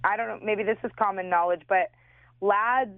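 A woman's voice: medium pitch, fairly even intonation, moderate pace, dry recording. A Canadian woman co-hosting a radio talk show, chatting and giggling with some hesitation, heard over a tinny phone line. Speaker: radio co-host. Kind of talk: casual radio chat.

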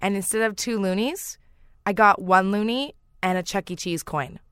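A woman's voice: mid-range voice, normal speed, fairly bright tone, clean tone, dry recording. Laid back woman co-hosting a radio show, giggles a lot, dry close mic. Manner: giggly, easygoing. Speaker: regular radio co-host. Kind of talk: radio talk show chat.

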